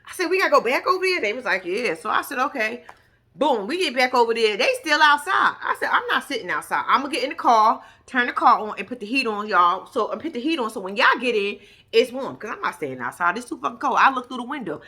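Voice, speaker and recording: A woman with a high, bright voice tells a story in a casual vlog. Her pitch swings widely as she acts out each person's lines, and she swears freely. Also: fast talker, husky. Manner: animated, profane, acts out others' lines. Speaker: storyteller recounting a reality-show shoot.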